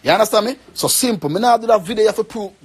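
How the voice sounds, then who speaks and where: A man's voice: high-pitched, fast talker, husky. A young man with a Jamaican accent, rambling and pleading in an emotional rant to the camera. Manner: pleading, rambling, repeats himself.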